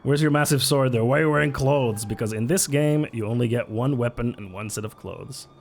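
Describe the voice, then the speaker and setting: Reacting to chat while he plays, a streamer gives casual, chatty gameplay commentary peppered with frequent swearing. He speaks a little fast in a gravelly, mid-range voice.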